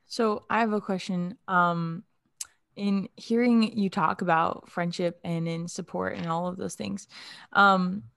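A woman co-hosting a conversation, asking a question in a measured, thoughtful way. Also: fairly low pitch, fairly even intonation, creaky, a bit bright, no room sound, studio quality. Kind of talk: conversational podcast talk.

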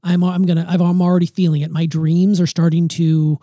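A man's voice: fairly high pitch, level tone, brisk, warm tone, dry recording, studio quality. A man in his forties hosting a podcast with his daughter, talking candidly and playfully about his own faults. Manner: candid, self-deprecating, playful. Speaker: podcast host. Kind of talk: casual family podcast chat.

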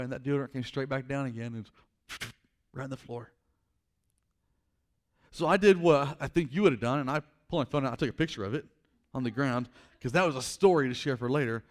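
A male pastor tells a story in a sermon and acts out the scenes with rising force. For his main points he drops to a slow, quiet voice. His pitch sits in the middle for a man.

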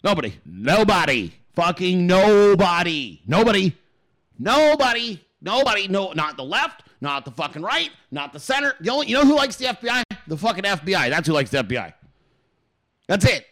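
A man's voice: sing-song, fast talker. A man hosting a political show, ranting in heated, profane commentary and repeating words for emphasis. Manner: swings in pitch and loudness.

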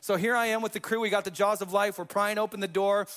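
A male pastor preaching a sermon, telling personal stories in an energetic, conversational way with jokey asides to the congregation. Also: sits high, fast. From US Pacific Northwest.

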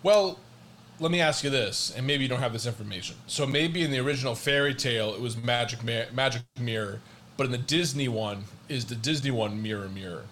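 Male co-host, reactive, pushes back, mid pitch. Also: fairly bright tone, slight background noise. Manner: quick to react, argues back. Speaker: podcast co-host. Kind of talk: casual chat.

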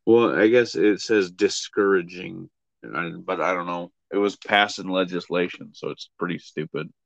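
A man's voice: low voice, normal speed, gravelly, dry recording. Blunt, foul-mouthed man on a lo-fi mic. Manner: blunt and profane, with a lot of hedging. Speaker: podcast co-host. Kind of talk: casual chat.

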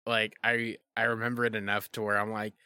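Male co-host, bright voice, dry close mic, wisecracking banter. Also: lowish voice, little pitch movement, clean tone, no echo. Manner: joking, quick quips, laughs a lot. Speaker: podcast co-host. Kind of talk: casual chat.

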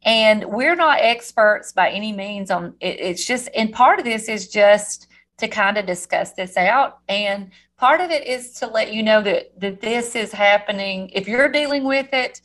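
A woman's voice: mid-range voice, lively intonation, a little slow, fairly bright tone. Chatty Alabama woman, rambling. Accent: Southern US, Alabama. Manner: chatty, rambling, with many restarts. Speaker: podcast co-host, school counselor. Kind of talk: casual podcast chat.

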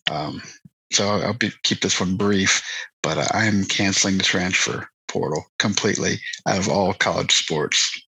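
A man with a low, gravelly and husky voice, co-hosting a casual sports podcast. He rambles, restarts his sentences and laughs easily. His tone is bright, and the sound is dry and close. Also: moderate pace, dry recording, rough recording. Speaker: podcast co-host.

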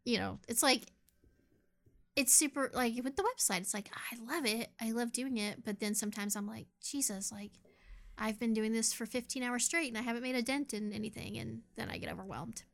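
A woman's voice: on the high side, a little fast, vocal fry, a bit bright. A woman co-hosting a podcast, chatting casually, self-deprecating and swearing freely. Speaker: podcast co-host. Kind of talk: casual chat.

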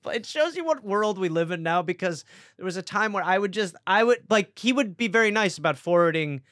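A man's voice: sits high, animated, brisk, a bit bright, no room sound, clean studio sound. A man talking as a comedian guest in casual podcast banter, wry and rambling.

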